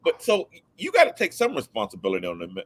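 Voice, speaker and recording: A man co-hosting a casual chat, excitable and teasing. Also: mid-range voice, fast talker, no echo. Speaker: co-host.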